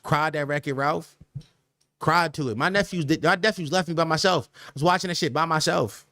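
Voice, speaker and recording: A man's voice: on the high side, brisk, sharp tone, no room sound, studio quality. Slangy young man chatting on stream. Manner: loose slangy banter, trailing off into laughs. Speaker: podcast host reacting to live chat. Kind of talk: casual livestream chat.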